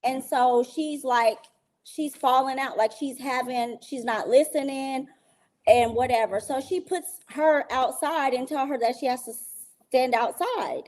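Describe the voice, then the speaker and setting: A woman guest telling a personal story in a casual, animated way, acting out what people said. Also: sits high, unhurried. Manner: animated, acts out quoted dialogue. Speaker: guest recounting an experience.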